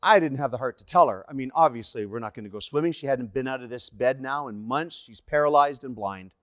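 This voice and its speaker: A Canadian evangelist telling personal stories in a sermon, animated and acting out the voices of the people in them. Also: male voice, medium pitch, a little fast, no echo, clean studio sound. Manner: animated, acts out dialogue in the stories. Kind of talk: sermon storytelling.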